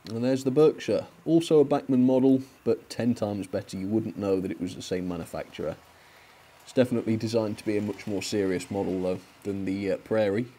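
A young British man talks through a model train review in a loose, chatty way, with plenty of chuckles and frank opinions. His voice sits a little low for a man. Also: fairly even intonation, brisk, dark tone. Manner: chatty, laughs often, blunt opinions. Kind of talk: casual video review.

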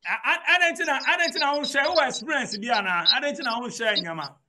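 An interviewer with a Ghanaian accent who talks in loud, teasing banter and keeps repeating catchphrases. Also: medium pitch, fast talker.

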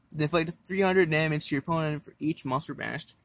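A man casually walking through his card game deck, reading effects aloud in a halting way with stumbles and restarts. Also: a little high, a bit bright, no echo.

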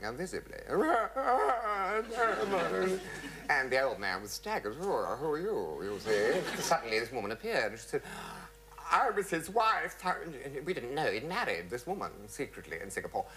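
A man's voice: mid-range voice, bright, forceful tone, low-quality recording. A middle-aged man telling theatrical anecdotes in a flamboyant manner, mimicking the people in his stories. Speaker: comic raconteur.

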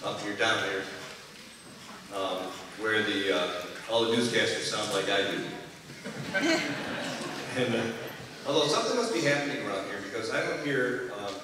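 A bandleader giving rambling, joking stage banter between tunes at a live concert, chuckling often. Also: male voice, fairly low pitch, expressive, measured pace, pauses often. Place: concert hall with an audience. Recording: echoey hall from far off, noisy.

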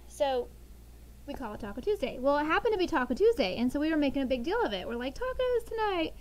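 A middle-aged woman teaching a sixth grade class, talking lively and telling funny family stories to the students. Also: sits high, fast talker, low-quality recording. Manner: lively, animated storytelling. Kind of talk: classroom lesson with storytelling.

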